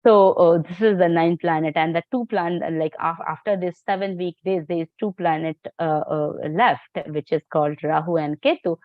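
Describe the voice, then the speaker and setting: A woman teaches a class, her voice on the low side and her delivery stop-start, padded with fillers and self-corrections. The sound is a little muffled and very dry. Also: fairly even intonation, dry recording. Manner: halting, many fillers and restarts. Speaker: astrology teacher. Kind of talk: live online class lecture.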